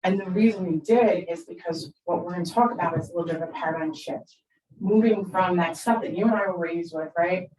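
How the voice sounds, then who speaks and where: A woman in her fifties with a fairly low voice speaks as a therapist to a group of parents. Her delivery is chatty, and she keeps checking in with "right?". She sits well back from the microphone in an echoey room. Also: a little fast, mellow. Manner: conversational, keeps asking "right?"; acts out quoted lines with big voice shifts. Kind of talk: presentation to parents. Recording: roomy echo, speaker far from the mic.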